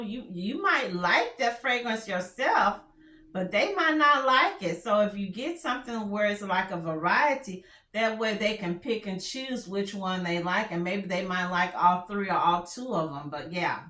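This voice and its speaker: In an echoey room, a woman with a medium-pitched, slightly bright voice gives a casual product review of fragrances. She talks candidly in a country Texas drawl, often starting her sentences again.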